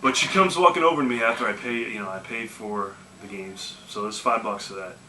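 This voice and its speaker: With a fairly low, sharp-toned voice, this man speaks a little fast while casually recounting yard-sale adventures for his video game collecting vlog. He's laid-back and wandering, peppering in "you know" and "man." Slight background noise and faint music come through in an echoey room.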